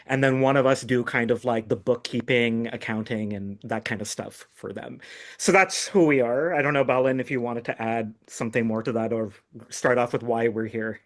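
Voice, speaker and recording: A man's voice: mid-range voice, normal speed. A man with a mid-range voice explains his union job as a podcast guest. His talk is casual and plain, with some fillers as he goes. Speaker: union staff representative guest. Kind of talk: podcast interview.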